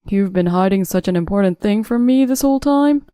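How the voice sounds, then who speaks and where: A woman voicing a weak young husband who protests loudly and then begs, reading a drama story aloud. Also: medium pitch, expressive, a little fast, smooth, dry recording, clean studio sound, close to an everyday voice. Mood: indignant. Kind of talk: audiobook narration.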